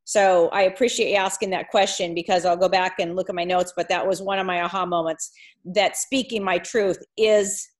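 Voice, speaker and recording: A woman in a coaching group sharing her thoughts slowly, with pauses and restarts. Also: fairly low pitch, steady tone. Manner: halting and reflective, many restarts. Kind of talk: casual chat. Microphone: video call.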